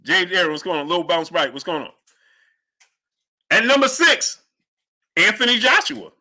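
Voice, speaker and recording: Male livestream boxing host, high lively voice with a very bright edge, hypes the chat. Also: normal speed. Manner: animated, hypes the audience, shouts out chat names. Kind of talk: livestream commentary reading chat.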